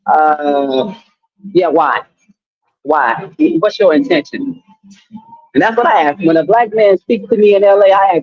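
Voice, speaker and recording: A man's voice: fairly high pitch, normal speed, highs cut off. A man hosting a live talk stream, commenting bluntly and skeptically with laughing asides. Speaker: host.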